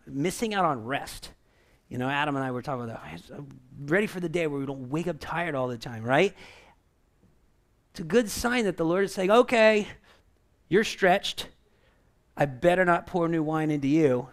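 A man preaching a conversational sermon, animated and full of asides, then leading a prayer. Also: a little high. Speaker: pastor.

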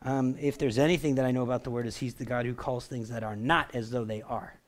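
A man preaching a sermon in a relaxed, conversational way, often checking in with the congregation. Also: mid-range voice, quick pace. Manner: animated, conversational, asks the crowd for response. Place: church.

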